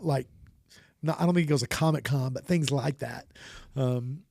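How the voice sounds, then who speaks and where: A man's voice: medium pitch, normal speed, vocal fry, a little mellow, no room sound. A man co-hosting a podcast in casual chat, rambling with many restarts and frequent laughs. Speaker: podcast co-host.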